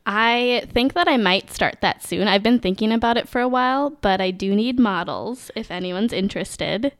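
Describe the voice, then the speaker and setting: A woman's voice: mid-range voice, normal speed, creaky, clean tone. A young woman with a Minnesotan accent, a podcast guest telling a story in casual chat and laughing often. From Minnesota, USA.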